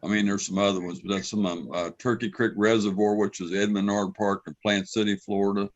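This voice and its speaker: A man's voice: fairly low pitch, flat delivery, brisk, muffled recording. A man chatting casually about fishing, laid-back as he lists places. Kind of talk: casual chat.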